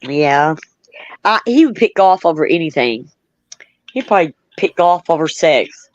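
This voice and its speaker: A woman's voice: sits low, big pitch swings, measured pace, dry recording. A middle-aged woman hosting a casual chat, reminiscing in a rambling way, laughing often, and reading out viewer comments. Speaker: host. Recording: dull, lo-fi.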